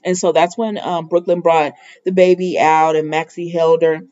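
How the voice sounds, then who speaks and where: A woman's voice: fairly low pitch, steady tone, normal speed, warm tone. A woman chatting casually through a soap opera recap vlog, rambling and filling her talk with "you know" and "y'all". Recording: dull lo-fi recording.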